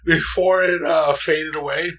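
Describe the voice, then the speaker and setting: A man co-hosting a casual movie podcast, energetic and rambling, who likes to act out lines in silly accents. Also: fairly high pitch, a little slow, low-quality recording. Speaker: podcast co-host. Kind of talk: casual chat.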